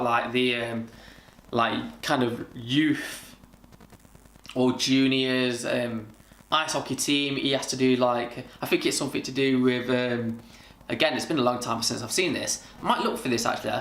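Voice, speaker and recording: A man's voice: mid-range voice, fairly bright tone. A man in his thirties chatting casually and rambling with many fillers as he reminisces in a vlog. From Britain. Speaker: vlogger. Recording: echoey room.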